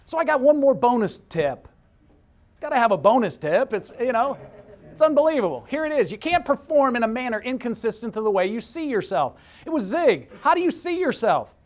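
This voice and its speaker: A middle-aged man giving an energetic motivational talk, telling a story and acting out the voices of the people in it, swinging from hushed to shouting. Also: extremely high pitch, brisk. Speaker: motivational speaker.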